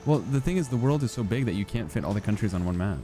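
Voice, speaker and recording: Mellow low-voiced man streaming games. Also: expressive, quick pace, slight background noise. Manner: joking, profane, chatting with viewers. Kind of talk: casual gameplay commentary.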